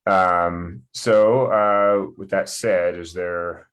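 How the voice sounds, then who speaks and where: A man's voice: sits low, steady tone, drawn-out words, fairly bright tone, smooth. A man chairing a board meeting over a video call, talking hesitantly with many fillers and restarts.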